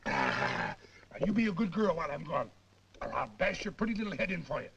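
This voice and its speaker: A man's voice: on the high side, wildly swooping pitch, fairly quick, fairly bright tone, heavily acted. An actor in a 1950s film playing a boozy, roguish cavalry trooper who sweet-talks and teases his girl. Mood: wheedling. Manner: wheedling, teasing, gravelly. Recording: noisy old film soundtrack.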